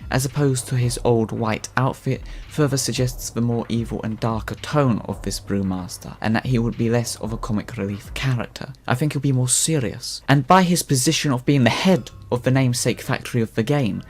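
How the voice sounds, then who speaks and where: A man's voice: medium pitch, brisk, few pauses, a little hiss or hum. A man narrating a scripted commentary voice-over, thoughtful and opinionated, often hedging his views. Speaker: video essay narrator.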